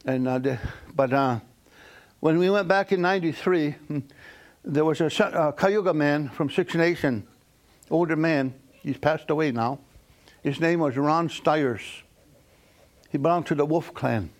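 A man from a Mohawk community tells stories in a loose, halting way, full of pauses and fillers. His voice sits a little high. He chuckles at his own punchlines. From Akwesasne Mohawk community. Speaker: storyteller. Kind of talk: casual spoken storytelling.

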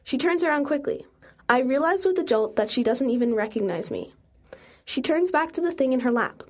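A young adult woman reading a first-person story aloud in an earnest, steady way. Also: high voice, brisk. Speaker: narrator.

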